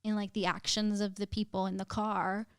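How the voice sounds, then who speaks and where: A woman's voice: medium pitch, flat delivery, brisk, smooth, dry recording, clean studio sound. A young woman, a podcast guest, telling a painful personal story in casual chat, emotional, with lots of "like" fillers and some swearing.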